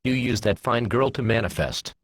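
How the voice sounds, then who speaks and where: A man doing a gruff, sarcastic demon hunter. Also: medium pitch, expressive, normal speed, fairly bright tone. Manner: blunt, sarcastic.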